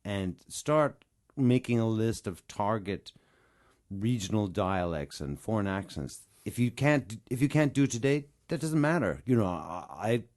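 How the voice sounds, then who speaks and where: A man's voice: fairly low pitch, lively intonation, unhurried, darkish tone. A man being interviewed as a guest voice actor, answering thoughtfully and reflectively about his craft.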